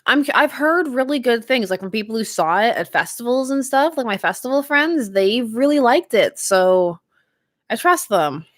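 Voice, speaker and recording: A young woman chatting casually with her stream viewers, giggling often and talking in an animated way. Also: on the high side, normal speed, dry recording, studio quality. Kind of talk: casual live-stream chat.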